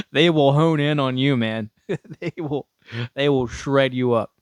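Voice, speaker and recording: A man's voice: medium pitch, a little slow, clean tone, dry recording, studio quality. A young man casually telling a story, swearing freely and laughing often between his words. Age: young adult. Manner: profane, laughing often, restarts a lot.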